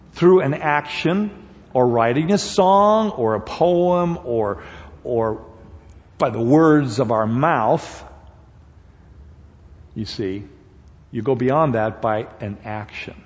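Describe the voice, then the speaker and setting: Male preacher, slow, halting delivery, muffled lo-fi recording in a reverberant sanctuary. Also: medium pitch, animated, darkish tone. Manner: halting, many fillers and restarts; grows emphatic and repetitive at points. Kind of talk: sermon. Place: church sanctuary. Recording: dull lo-fi sound with long hall reverb.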